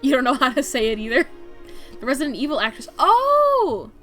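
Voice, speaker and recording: A woman's voice: high-pitched, huge pitch swings, a little fast, a bit bright. A young woman streaming while she draws, chatting loosely and filling her talk with "like" and restarts. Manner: chatty, rambling, frequent "like" fillers. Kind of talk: casual chat while drawing on stream. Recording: faint music behind the voice.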